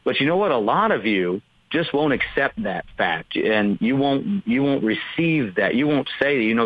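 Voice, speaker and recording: Earnest pastor on a dull dry line. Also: male voice, mid-range voice, big pitch swings, normal speed, hardly any pauses, no room sound. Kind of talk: theology podcast discussion.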